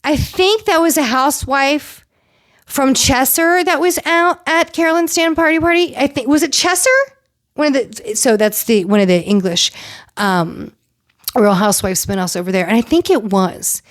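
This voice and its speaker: A woman's voice: high-pitched, normal speed. A woman hosting a podcast, chatting casually and gossipily with many fillers and restarts. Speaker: podcast host. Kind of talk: casual recap chat.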